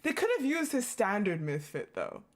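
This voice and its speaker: A woman's voice: medium pitch, big pitch swings, normal speed. Brief: chatty woman streamer, reads aloud, interrupts herself laughing and cursing. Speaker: gaming streamer. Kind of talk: casual story reading with reactions.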